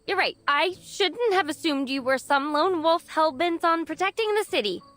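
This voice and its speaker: Eager, very high-voiced young ally. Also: female voice, lively intonation, moderate pace, fairly bright tone, faint music behind. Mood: apologetic. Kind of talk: game voice acting.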